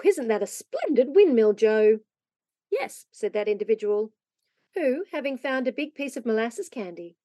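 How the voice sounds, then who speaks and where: Expressive woman reading a storybook. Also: fairly high pitch, dry recording. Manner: lively, expressive narration. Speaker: reader.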